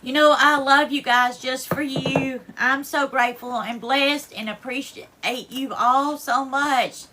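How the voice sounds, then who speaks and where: A woman's voice: high voice, fairly even intonation, unhurried, few pauses, background noise. A woman hosting a casual live stream from her home kitchen, teary-eyed and effusive as she thanks each viewer by name and calls them darling while she cooks. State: teary, near crying. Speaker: livestream host.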